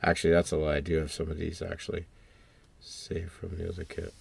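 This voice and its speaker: A man's voice: sits low, completely flat delivery, fairly quick, vocal fry, a little hiss or hum. A man building and painting a scale model kit, talking to himself in chatty, muttered asides as he works. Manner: chatty self-talk, muttered asides to his work.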